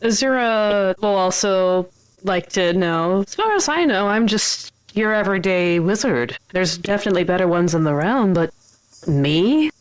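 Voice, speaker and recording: A man's voice: high-pitched, animated, unhurried, smooth, dry recording, voice pushed up, low-quality recording. A man voicing a modest, inquisitive young woman wizard. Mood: curious.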